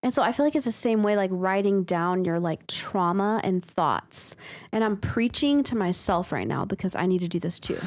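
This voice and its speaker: A woman's voice: medium pitch, expressive, moderate pace. Woman, podcast co-host, casual chat, rambling storyteller, lots of um and like. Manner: chatty, laughing storyteller with many fillers.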